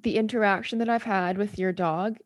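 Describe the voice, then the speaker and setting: A woman's voice: mid-range voice, steady tone. Playful woman who keeps saying honey. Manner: playful, calls people honey, quick laughs. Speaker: podcast co-host. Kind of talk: casual chat.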